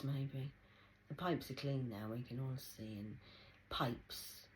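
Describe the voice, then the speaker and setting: A woman giving a rambling spiritual monologue, swinging between loud exclamations and soft whispers. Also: extremely low pitch, a little slow, a little hiss or hum, rough recording. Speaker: spiritual vlogger.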